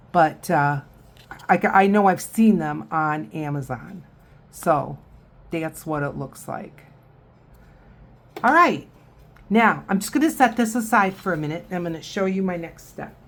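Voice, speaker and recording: A woman giving a casual painting tutorial, chatting and thinking aloud as she works. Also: on the low side. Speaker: watercolor instructor.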